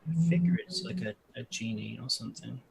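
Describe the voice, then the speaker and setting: A man playing a tabletop game, thinking out loud with hesitant, restarting speech. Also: medium pitch, expressive, brisk, gravelly, a little hiss or hum. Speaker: player. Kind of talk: casual in-character game talk.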